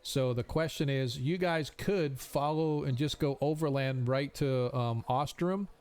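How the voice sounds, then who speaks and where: Man as tabletop game master, smooth tone, explains rules and fills pauses with ums. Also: medium pitch, a little mellow. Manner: thinking aloud, many ums.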